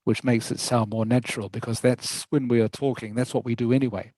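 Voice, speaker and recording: A man's voice: mid-range voice, fairly even intonation, fairly quick, darkish tone, no echo, poor audio. Patient man teaching an online English class. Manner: patient, encouraging, checks understanding often. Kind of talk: online lesson feedback.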